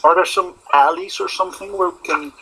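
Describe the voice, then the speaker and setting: A man's voice: high-pitched, a little fast, pushed and bright, slight background noise, poor audio. A man playing a tabletop game, chatting casually and asking hesitant questions. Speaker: player.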